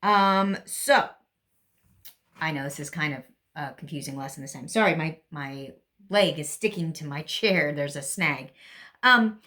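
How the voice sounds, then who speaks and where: A woman's voice: sits low, measured pace, sharp tone. A woman with a Great Lakes American accent, giving a casual spoken English lesson and thinking aloud with frequent ums and restarts. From United States. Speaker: English teacher. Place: at home, seated in a chair.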